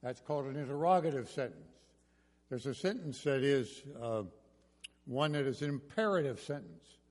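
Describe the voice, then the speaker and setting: Folksy older preacher in a reverberant hall. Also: male voice, mid-range voice, animated, normal speed, a little mellow. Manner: folksy storytelling with jokes. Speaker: pastor. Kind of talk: sermon. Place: church sanctuary.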